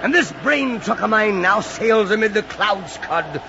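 An actor playing an obsessed old whaling captain who speaks in grand, archaic phrases, in a radio drama. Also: male voice, high voice, lively intonation, measured pace, gravelly, noisy background, exaggerated voice. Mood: defiant. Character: obsessed old sea captain, commanding and wild. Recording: dull lo-fi radio recording.

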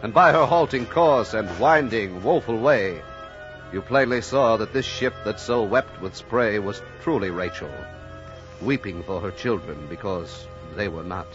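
Male narrator over music. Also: on the low side. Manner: measured, literary. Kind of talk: scripted dramatic narration. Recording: dull lo-fi radio recording.

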